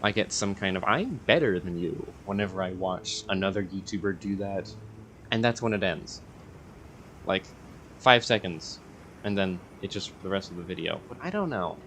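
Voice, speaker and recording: Young male YouTuber, lower register, meandering and hesitant delivery, faint background hiss. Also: normal speed, fairly bright tone. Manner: rambling, hesitant, many fillers and self-corrections. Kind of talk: casual rambling vlog monologue.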